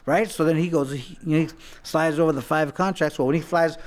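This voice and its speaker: A man's voice: on the high side, fairly even intonation, a little fast. A man, a former boxer, telling stories in a casual talk-show chat, with many restarts and acted-out quotes. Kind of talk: casual storytelling.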